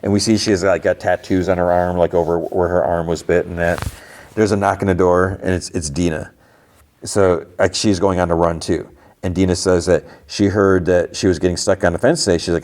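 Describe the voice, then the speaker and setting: Man, podcast host, mellow tone, casual recap, rambling retelling. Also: low-pitched, little pitch movement, brisk. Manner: retells scenes loosely, quoting characters with filler and restarts.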